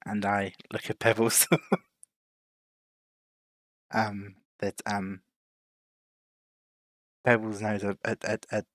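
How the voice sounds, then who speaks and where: A man taking part as a player in a tabletop role-play game, speaking in a stammering, halting way. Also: lowish voice, fairly bright tone, dry recording.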